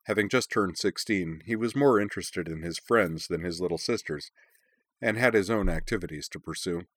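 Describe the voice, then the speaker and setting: A man reading a story aloud in calm, even audiobook narration. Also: sits low, moderate pace, dry recording.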